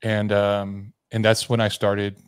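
Man, from Tennessee, podcast guest, low voice, dry recording, candid rambling storytelling, acts out quoted dialogue. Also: monotone, takes it slowly, clean tone, no echo. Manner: rambling with fillers and restarts, acting out quoted dialogue.

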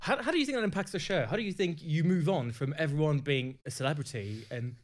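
Podcast host guy asking the others stuff, lively voice, a little high. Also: fast. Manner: steers the talk with questions. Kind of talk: casual chat.

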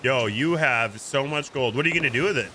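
A man streaming a pirate game, chatting casually and coaching another player with jokey excitement. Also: mid-range voice, brisk, a little hiss or hum, rough recording. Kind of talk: casual gameplay chat.

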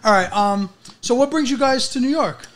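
Male podcast host, high voice, teasing, casual banter. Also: animated, normal speed, fairly bright tone.

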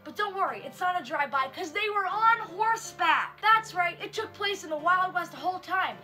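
A young woman delivers a sarcastic, animated comedic review full of mock outrage. Her voice is high and bright. Faint music plays underneath. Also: normal speed, hardly any pauses. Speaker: book reviewer. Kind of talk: comedic commentary.

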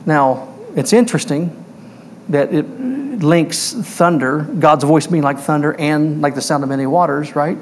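A man preaching a sermon at a slow, deliberate pace, his voice sitting fairly high for a man. He stresses key words and poses questions to his listeners. A faint hiss of room noise lies behind him. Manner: emphatic, asks the congregation questions. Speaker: pastor. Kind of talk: verse-by-verse sermon. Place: church.

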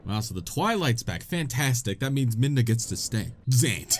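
A young man giving excitable, joking commentary while playing a video game, often laughing and swearing. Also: mid-range voice, moderate pace, music in the background. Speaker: gaming video host. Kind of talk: let's play commentary.

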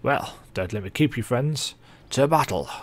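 A man's voice: medium pitch, animated, normal speed, natural voice. A man reading as a formal young strategist. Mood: earnest. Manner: formal read-out game dialogue.

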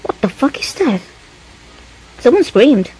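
A woman's voice: high voice, big pitch swings, measured pace, a little mellow, a little hiss or hum, poor audio. A woman commentating her own horror game playthrough, talking to herself, easily startled and swearing often, scared with shaking hands. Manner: jumpy, swears a lot, talks to herself. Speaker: gaming YouTuber.

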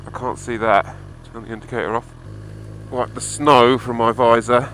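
A man's voice: mid-range voice, fairly even intonation, normal speed, fairly bright tone, slight background noise, rough recording. A man recording a casual video diary while riding a motorbike through snow, giving a running commentary full of swearing and exasperation. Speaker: motorcycle vlogger.

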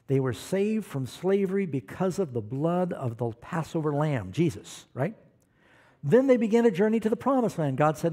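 Animated preacher man, lively pitch. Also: moderate pace. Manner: animated, questions the congregation, calls for amens. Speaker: pastor. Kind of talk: sermon.

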